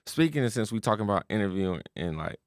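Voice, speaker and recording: Laid-back low-voiced man chiming in. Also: big pitch swings, fast, clean tone, dry recording, studio quality. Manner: laid-back, chiming in with short replies and questions. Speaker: podcast co-host. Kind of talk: casual chat.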